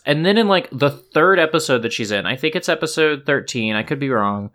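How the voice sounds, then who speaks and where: A man's voice: mid-range voice, animated, fairly quick, fairly bright tone. A man co-hosting a podcast in a casual discussion, telling anecdotes and swearing. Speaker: podcast co-host.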